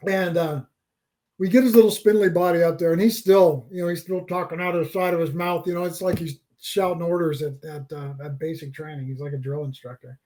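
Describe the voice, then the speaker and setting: A man's voice: fairly high pitch, fairly even intonation, fairly quick, dark tone. A middle-aged man animatedly telling a story as a podcast guest, often repeating words as he builds up to the point. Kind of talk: casual storytelling.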